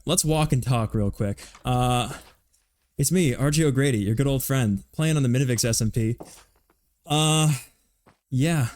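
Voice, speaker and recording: A man's voice: mid-range voice, normal speed, darkish tone, no room sound, studio quality. A young man chatting casually as a streamer while he plays, rambling and poking fun at himself. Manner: chatty, rambling, self-mocking. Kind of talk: casual live-stream commentary while gaming.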